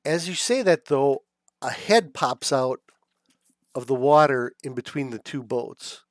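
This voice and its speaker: A man running a tabletop game as dungeon master, narrating in an unhurried, relaxed way. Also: medium pitch, dry recording, clean studio sound.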